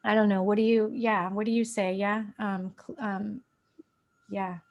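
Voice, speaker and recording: A woman's voice: medium pitch, level tone, a little slow, highs cut off. Chatty woman musing with many fillers. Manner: rambling, many fillers and restarts, laughs lightly. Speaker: host. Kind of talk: casual spiritual conversation.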